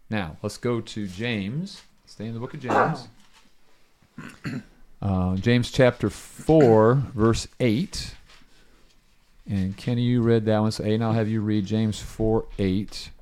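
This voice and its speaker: A man's voice: lowish voice, dark tone. A middle-aged man leading a casual Bible study, telling a story and asking his listeners questions.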